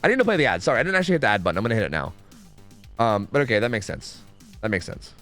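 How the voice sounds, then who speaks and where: A young man streams a game and rambles to his chat in casual conversation, swearing freely and second-guessing himself. His fairly low voice is a bit bright, swings widely in pitch, and races along, with faint music behind.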